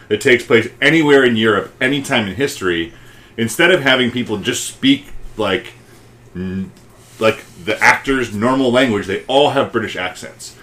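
A man's voice: on the low side, sharp tone. A man co-hosting a movie podcast, ranting and swearing freely in casual discussion. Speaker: podcast co-host.

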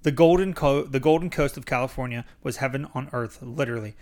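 A man's voice: mid-range voice, fast talker, darkish tone. A young man hosting a podcast who reads his own memoir aloud and sometimes stumbles over words and starts again. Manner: stumbles over words and restarts while reading. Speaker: podcast host reading his own book.

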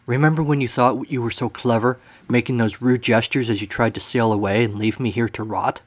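A man's voice: mid-range voice, fairly even intonation, a little fast, natural voice. A man voicing a smug mocking sea serpent. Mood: taunting. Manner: taunting, mocking.

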